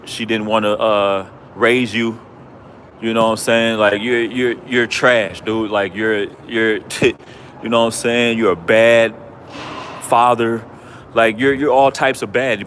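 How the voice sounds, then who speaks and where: Male livestream host, low voice, repetitive mocking rant, outdoors with faint traffic. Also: a bit bright. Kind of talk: ranting livestream monologue.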